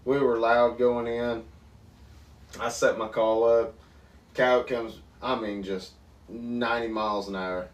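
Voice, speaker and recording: A man co-hosting a podcast, telling hunting stories in a lively, animated way with bursts of laughter. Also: mid-range voice, slow pace, long pauses, dull audio. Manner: animated storyteller, laughs and yells mid-story. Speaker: podcast co-host. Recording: roomy, distant mic, faint background noise.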